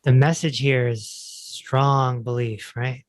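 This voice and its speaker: A man hosting a podcast, talking in a relaxed, reflective way and chatting casually with his guest. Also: medium pitch, slow pace, no echo. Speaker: podcast host.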